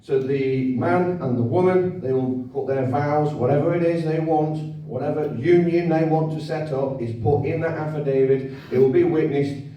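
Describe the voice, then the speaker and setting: A man's voice: fairly high pitch, normal speed, few pauses, warm tone, distant mic. Man lecturing in an echoey hall. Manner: conversational, repetitive, asks the audience for agreement. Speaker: speaker at a public event. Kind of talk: informal lecture to an audience.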